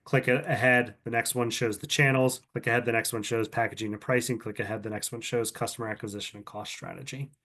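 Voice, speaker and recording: A man organizing a business pitch competition, walking entrants through presentation slides in a casual, conversational way full of ums and restarts, recorded over a video call. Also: steady tone, fast, few pauses, a bit bright. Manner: casual, filler-heavy, conversational explaining with frequent ums. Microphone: computer mic on a video call.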